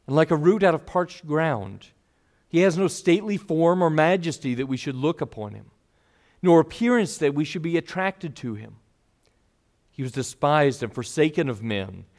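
Expressive preacher, a man with a raised voice. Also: fairly high pitch. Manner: expressive, voices the people in the story. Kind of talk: sermon.

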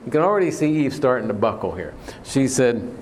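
A man preaching an earnest sermon in a plain mid-pitched voice, pressing on key words and putting questions to the congregation. A faint hum sits behind him. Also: sing-song, a little fast, darkish tone.

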